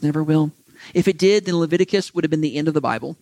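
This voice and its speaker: Animated man preaching a conversational sermon. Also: on the high side, fast, no echo. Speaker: pastor. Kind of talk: sermon with closing prayer.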